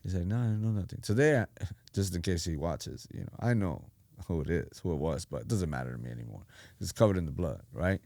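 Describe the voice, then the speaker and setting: A middle-aged man, a pastor, telling his life story in animated casual talk and acting out the voices he quotes. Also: low voice, fairly quick, gravelly, no echo. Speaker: pastor, podcast guest.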